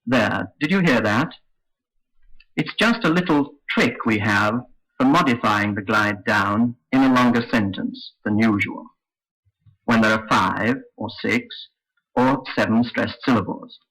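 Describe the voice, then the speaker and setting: A man teaching English intonation in a slow, careful, scripted lesson. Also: fairly low pitch, fairly bright tone, low-quality recording. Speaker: phonetics teacher. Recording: old lesson recording.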